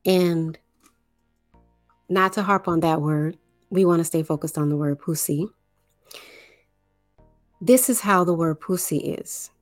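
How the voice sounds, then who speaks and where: A woman from the New Orleans area giving a slow explanatory monologue, with deliberate, drawn-out phrasing and pauses. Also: fairly low pitch, no echo, faint music behind.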